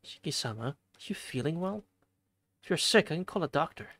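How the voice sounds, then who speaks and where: A soft-spoken young maid, quiet and formal, addresses her master with careful deference, as a streamer reads her lines aloud from a game. The voice sits at a middle pitch and is recorded dry and close. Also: expressive, brisk, no echo. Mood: concerned.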